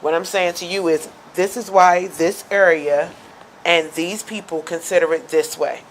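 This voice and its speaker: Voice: medium pitch, fairly even intonation, normal speed, a little hiss or hum, poor audio. A talk show host, arguing emphatically in casual debate and signing off the show. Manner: emphatic, argumentative, stammers into points.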